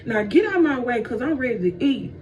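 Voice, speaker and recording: A woman's voice: a little high, animated, fairly quick, lightly acted. Woman doing sassy, slangy Eve. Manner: sassy, loud, slangy comebacks. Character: sassy young woman Eve, defensive and hungry. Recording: dull, distant, faint noise.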